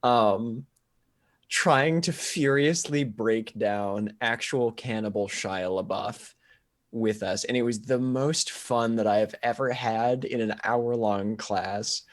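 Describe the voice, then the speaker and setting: A young man with a fairly low voice tells a story on a live-streamed podcast. He talks casually and animatedly and breaks into laughter often. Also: slow pace. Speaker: podcast co-host. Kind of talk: casual chat.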